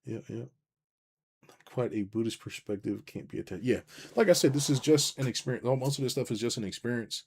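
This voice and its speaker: A middle-aged man giving a blunt, profane, animated rant as a business coach, talking to his livestream viewers and reading their chat. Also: medium pitch, a little fast, slightly rough.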